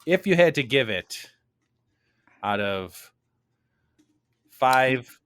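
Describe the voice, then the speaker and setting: A man co-hosting a podcast, chatting in a relaxed, rambling way and laughing easily. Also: mid-range voice, drawn-out words, clear, resonant tone, no room sound. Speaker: podcast co-host. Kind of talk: casual chat.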